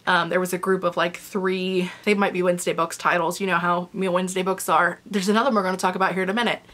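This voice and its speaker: A woman's voice: on the low side, flat delivery, fast, fairly bright tone. A young woman chatting candidly in a book review vlog, casual and openly emotional, with the odd swear word.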